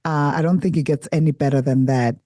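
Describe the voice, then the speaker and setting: Warm-toned woman host, gushing and enthusiastic, close dry mic. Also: deep voice, fairly even intonation, fast talker, no room sound. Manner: enthusiastic, effusive praise. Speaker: podcast host. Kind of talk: podcast interview.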